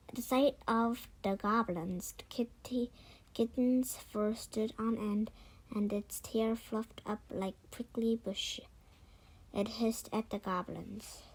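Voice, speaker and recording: Woman narrator reading a kids' book, slow and self-correcting. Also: medium pitch, darkish tone, rough recording. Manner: unhurried, with frequent slips and self-corrections. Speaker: read-aloud narrator. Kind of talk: reading a children's book aloud.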